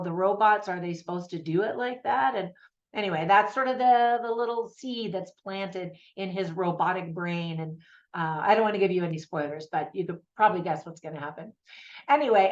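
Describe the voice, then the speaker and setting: An American woman talks through a movie review in a relaxed, conversational way, wandering into little asides as she goes. Her voice sits at an ordinary middle pitch. The recording sounds a bit dull and lo-fi. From United States. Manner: chatty and conversational, with frequent fillers and asides. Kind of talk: casual spoken movie review.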